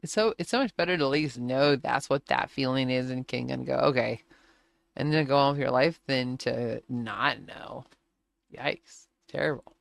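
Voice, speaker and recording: A woman's voice: rumbling low, moderate pace, gravelly, no echo. A woman streaming a flight game, chatting casually and telling stories with frequent laughter. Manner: chatty storytelling, laughs often, acts out quotes. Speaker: gaming streamer. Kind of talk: casual chat while playing a flight game.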